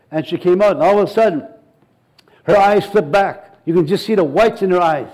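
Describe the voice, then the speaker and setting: Over a poor recording, a high-voiced man delivers a sermon a little fast. He's a pastor who tells animated stories, performs the dialogue, and repeats himself often.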